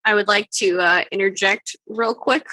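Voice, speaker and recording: A woman's voice: mid-range voice, steady tone, moderate pace, sharp tone, no echo, rough recording. A woman playing a tabletop role-play game, chatting in a playful, joking way. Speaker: player. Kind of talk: casual chat.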